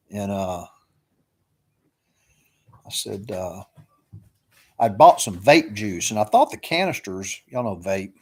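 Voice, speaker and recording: A man's voice: lowish voice, lively intonation, takes it slowly, vocal fry, long pauses, breathy edge. A middle-aged man, casually rambling through stories on a live chat, with lots of fillers. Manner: rambling, drawling with many fillers. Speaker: live stream host.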